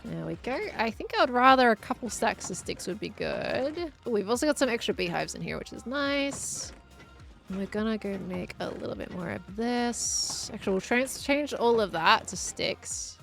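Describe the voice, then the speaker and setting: Casual Australian woman streamer, slightly high and a touch gravelly, with chatty, playful asides to chat. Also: animated, moderate pace, a bit bright, faint music behind. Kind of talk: casual live-stream chat while gaming.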